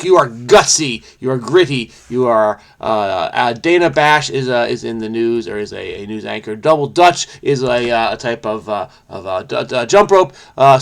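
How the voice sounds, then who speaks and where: A middle-aged man thinking aloud as he solves a crossword, animated and jokey, with sudden bursts of song and sound effects. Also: mid-range voice, gravelly. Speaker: host solving crosswords. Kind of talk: casual think-aloud commentary.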